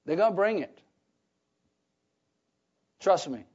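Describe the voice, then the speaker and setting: A man preaching a Bible teaching sermon, emphatic, often pausing on "what?" so listeners fill in the words. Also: high-pitched, expressive, a little mellow, husky. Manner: emphatic, repeats key phrases. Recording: dull lo-fi recording.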